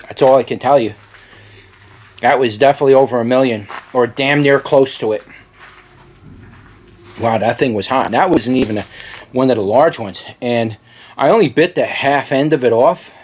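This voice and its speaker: A man reviewing a very hot pepper on camera, with watering eyes and a running nose, talking in halting bursts that repeat words between gasps. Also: medium pitch, a little mellow, husky. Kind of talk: casual pepper review vlog.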